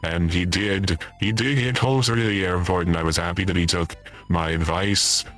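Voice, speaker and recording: A man's voice: sits low, fairly even intonation, normal speed, a bit bright, faint music behind. A man putting on the voice of a forgetful retired old man who rambles, stops and repeats himself. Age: older. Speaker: streamer in character. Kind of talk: comedic in-character livestream chat.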